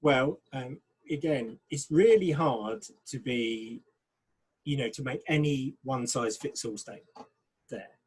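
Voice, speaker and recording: A man, a pastor, talking frankly and thoughtfully in a casual discussion, getting animated when he quotes people. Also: mid-range voice, unhurried, slightly rough, low-quality recording.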